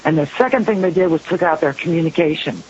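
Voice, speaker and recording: A man's voice: a little high, quick pace, husky. A man hosting a talk radio show, telling a story in an earnest, conversational way, heard through a dull lo-fi radio recording with hiss.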